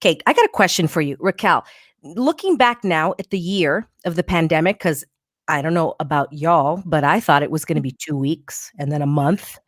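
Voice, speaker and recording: A woman's voice: low voice, moderate pace, no echo, clean studio sound. Bubbly chatty woman podcast host. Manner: bubbly, chatty, playful slang. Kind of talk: live podcast interview.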